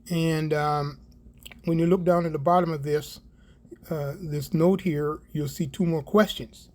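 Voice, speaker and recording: A man's voice: on the high side, normal speed. A middle-aged Canadian man giving an online Bible prophecy talk, rambling, repeating words for emphasis and often asking "right?".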